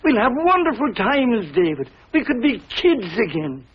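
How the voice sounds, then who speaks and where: An actor playing a lonely, warm-hearted older Irish tailor, with a husky voice and a lilting Irish brogue. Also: male voice, very high-pitched, very animated, moderate pace, exaggerated voice. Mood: wistful, coaxing. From Ireland. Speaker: visiting cousin, a tailor. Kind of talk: 1950s TV sitcom acting. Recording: dull lo-fi 1950s TV audio.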